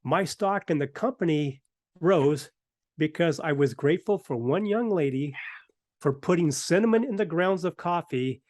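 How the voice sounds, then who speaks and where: A middle-aged man hosts a talk show and tells a workplace story in a relaxed, conversational way. He acts out the other people's lines as he goes. His voice sits a little high for a man, and the recording is close and dry. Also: normal speed, no echo. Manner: animated anecdotes with acted-out quotes. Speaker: host. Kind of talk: casual storytelling.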